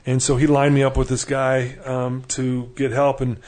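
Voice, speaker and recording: A man's voice: medium pitch, monotone, normal speed, darkish tone. A middle-aged man telling his life story in a casual conversation, earnestly acting out the dialogue he quotes. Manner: earnest, acts out quoted dialogue with laughing asides.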